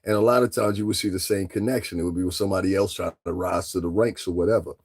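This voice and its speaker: A man's voice: sits low, steady tone, quick pace, a little mellow, husky. A man giving casual commentary as a vlogger, talking straight to his listeners and firing off taunting rhetorical questions. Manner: addresses listeners directly.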